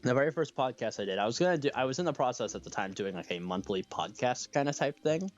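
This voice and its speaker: A man's voice: medium pitch, lively intonation, quick pace, muffled recording, faint music behind. A man hosting a podcast in casual chat, with a slight lisp, laughing often and restarting his sentences. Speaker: podcast host.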